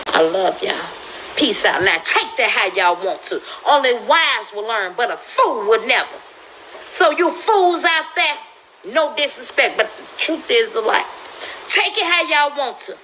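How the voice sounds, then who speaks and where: A mother speaking on a livestream, pleading and preaching, sometimes breaking into shouts. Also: high voice, a little hiss or hum, rough recording. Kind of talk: emotional livestream address.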